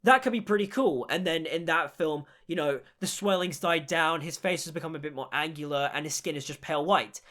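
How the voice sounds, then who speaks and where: A young man with a notably high voice for a man, talking through a movie in an animated, rambling way. He leans on "like" constantly and circles back on his points. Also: a little fast, hardly any pauses. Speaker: film reviewer. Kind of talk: casual film review.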